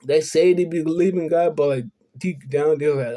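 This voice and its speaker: A young vlogger tells a personal story in an earnest, confessional way, his voice a little high and warm at a normal speed. He rambles and repeats himself, leaning again and again on "you know what I'm saying."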